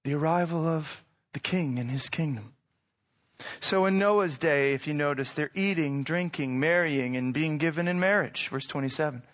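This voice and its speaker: High-voiced man preaching conversationally. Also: moderate pace. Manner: conversational preaching with rhetorical questions and swings in loudness. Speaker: pastor. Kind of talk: sermon.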